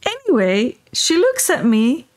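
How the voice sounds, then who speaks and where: A woman's voice: high voice, unhurried. A woman guest telling a story in conversation, acting out the dialogue and often checking in with "right?". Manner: animated, acts out quoted dialogue, keeps asking "right?". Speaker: spiritual teacher and guest.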